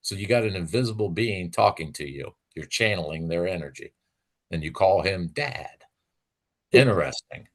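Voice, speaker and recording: Low-voiced man ranting profanely. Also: animated, moderate pace. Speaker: live stream host. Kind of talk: casual chat.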